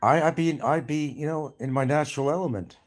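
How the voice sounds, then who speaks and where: A man's voice: fairly high pitch, fast, faint music behind. An older man from New York with a mild New York accent, rambling bluntly and swearing freely in a casual monologue. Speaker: vlogger.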